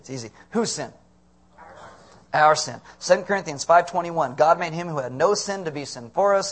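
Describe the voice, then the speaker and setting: A man's voice: on the high side, a bit bright. A middle-aged man preaching a conversational sermon as pastor, asking the congregation questions.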